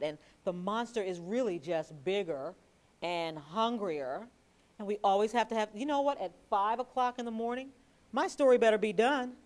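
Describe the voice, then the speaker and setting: A woman with a mid-range voice, an author who also reports TV news, shares lively anecdotes in a library talk. She reads from her book and drifts into chatty asides along the way.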